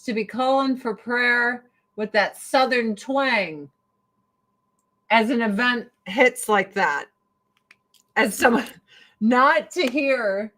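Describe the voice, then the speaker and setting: A woman's voice: on the high side, a bit bright, rough recording. A woman hosting a casual commentary stream, ranting sarcastically and swearing freely. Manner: sarcastic, profane, exasperated.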